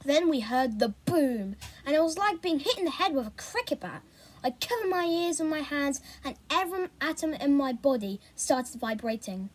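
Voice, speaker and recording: A woman reads a children's novel aloud with expressive, animated delivery. Her voice is high, and her pitch rises and falls a lot. She reads in a steady storytelling style. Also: moderate pace. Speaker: reader.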